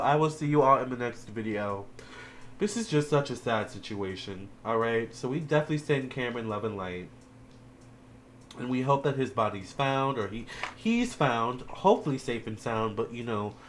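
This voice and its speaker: Man, tarot reader, chatty and tearful, mid pitch, faint room noise. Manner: chatty and emotional, addresses viewers as y'all and child. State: teary-eyed. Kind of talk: casual tarot reading video.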